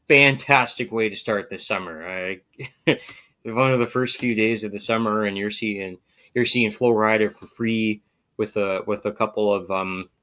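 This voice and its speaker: A man's voice: on the low side, pushed and bright. A man co-hosting a podcast, telling stories in an enthusiastic, laughing way. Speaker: podcast co-host. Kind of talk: casual chat.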